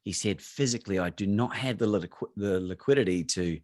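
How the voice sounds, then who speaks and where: A man's voice: fairly low pitch, fairly quick, a little mellow, no echo, clean studio sound. An Australian man, a courage coach, telling a story and acting out both sides of his phone calls. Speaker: guest speaker, courage coach. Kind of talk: storytelling talk on a video call.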